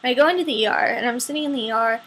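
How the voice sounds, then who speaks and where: A woman's voice: fairly high pitch, rapid-fire, fairly bright tone, slight background noise, rough recording. A young woman telling a personal story in a candid, wry, casual way with lots of fillers. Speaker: vlogger.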